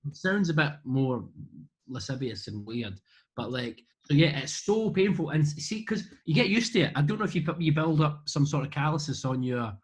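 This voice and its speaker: A man's voice: fairly high pitch, expressive, moderate pace, breathy edge, rough recording. A man with a Scottish accent, answering fan questions over a video call in a rambling, jokey, self-deprecating way. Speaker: interview guest. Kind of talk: rambling casual chat. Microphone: video call webcam.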